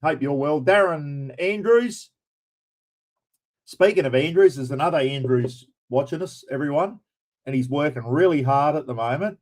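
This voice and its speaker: A man's voice: a little high, moderate pace, poor audio. Chatty Australian man, blunt and casual. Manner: chatty and blunt, mild swearing, greets viewers by name. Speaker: livestream host. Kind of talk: casual chat.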